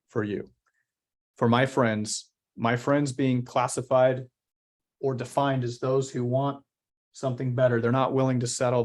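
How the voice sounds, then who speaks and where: Man, middle pitch, earnest founder giving motivational interview answers, leans on key words. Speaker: company founder and CEO.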